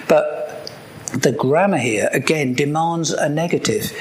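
High-voiced conversational preacher. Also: male voice, moderate pace, slight background noise. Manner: conversational, joking asides, repeats key points. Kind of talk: sermon.

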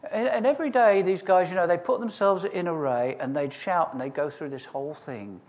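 A man preaching a sermon, reading scripture and retelling it in a lively, humorous storytelling way with asides to the listeners. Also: high voice, a little fast.

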